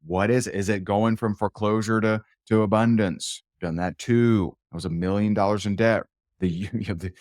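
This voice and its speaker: A man's voice: on the low side, steady tone, moderate pace, a little mellow, dry recording, clean studio sound. A man, a sales and business coach, giving an emphatic motivational talk to an audience, firing rhetorical questions and repeating his phrases.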